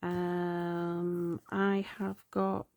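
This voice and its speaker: Drawn-out words and little pitch movement mark this lowish-voiced, middle-aged woman talking through her planners on a vlog. Weary and yawning, she rambles, corrects herself and gives soft laughs.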